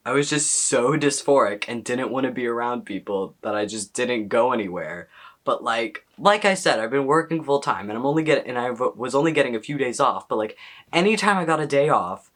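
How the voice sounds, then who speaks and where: Young male vlogger, mid-pitched, excitable, rambles and questions himself aloud. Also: a little fast. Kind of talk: casual chat to camera.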